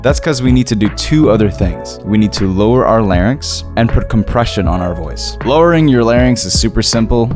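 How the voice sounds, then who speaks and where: A young man giving a sarcastic, goofy mock vocal tutorial as a comedy YouTuber. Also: fairly low pitch.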